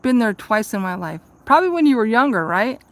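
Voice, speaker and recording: A woman's voice: a little high, very animated, brisk, no echo. A woman vlogger telling a rambling, profane story in a casual chat, ranting and laughing at herself.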